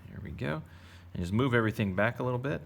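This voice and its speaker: An art teacher with a mid-range, gravelly voice talks quickly and animatedly through a casual drawing tutorial for kids. He narrates each step in a playful, chatty way.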